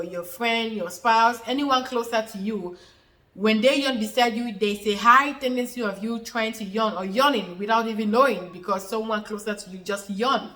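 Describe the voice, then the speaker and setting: A female health educator gives an unscripted explainer to camera in a slightly high, bright and forceful voice, with a reverberant sound. She repeats herself, circles back to earlier points and uses lots of fillers.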